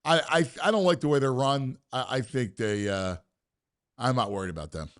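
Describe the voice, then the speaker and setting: A man hosting a casual sports talk show, excitable and stammering, quick to cheer. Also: mid-range voice.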